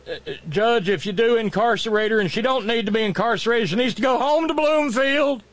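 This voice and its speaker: A man's voice: very high voice, a little fast, no echo. A man voicing a mock rural defense lawyer who pleads with a judge in an exaggerated, ungrammatical country drawl. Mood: pleading.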